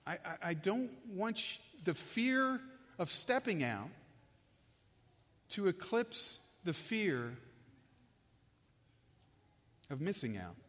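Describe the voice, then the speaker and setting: A man's voice: high voice, fairly bright tone, heavily acted. A man preaching, voicing the apostle Peter as an earnest figure who urges his listeners and repeats himself. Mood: urging. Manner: earnest, pleading, repeats words. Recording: long echo of a large hall.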